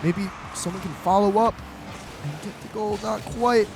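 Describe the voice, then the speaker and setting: A man giving live esports play-by-play from a college studio set, excitable and tripping over his words. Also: high voice, moderate pace, vocal fry. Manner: excitable, stumbles and repeats words. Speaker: esports caster. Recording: steady background noise.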